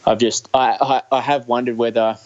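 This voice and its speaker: Young Australian man, hesitant, flat and low, muffled lo-fi sound. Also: fairly quick. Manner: hesitant, many restarts and fillers. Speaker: guest, Olympic triathlete. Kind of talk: casual interview chat.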